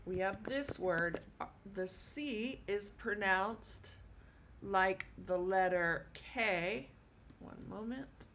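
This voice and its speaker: Female teacher, unhurried classroom delivery, patient with lots of "okay?", faint background hiss. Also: medium pitch, fairly bright tone. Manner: patient, many fillers and check-ins like okay. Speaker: Spanish teacher. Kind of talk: classroom lesson at a board.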